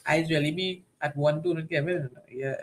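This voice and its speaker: A woman co-hosting a live relationship talk show, talking straight to her viewers in animated casual chat. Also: sits low, brisk. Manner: animated, addresses viewers directly.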